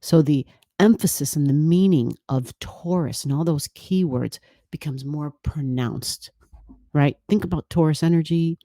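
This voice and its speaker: A woman hosts an astrology video in a playful, chatty manner, speaking low and slowly. Her tone is mellow and warm. The close, dry sound has no room echo. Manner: playful, laughing, chatty with quoted asides. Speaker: astrology channel host. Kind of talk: casual explanatory talk to camera.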